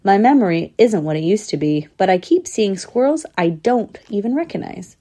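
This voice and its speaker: A woman's voice: mid-range voice, lively intonation, moderate pace, mellow. A woman voicing a forgetful elderly male squirrel in a storybook, mild and wavering. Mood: puzzled.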